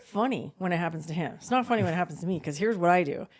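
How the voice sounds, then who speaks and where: A woman's voice: lowish voice, expressive, rapid-fire. A woman in her forties co-hosting a podcast, telling a story in casual chat, acting out the voices of the people in it and swearing freely. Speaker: podcast co-host.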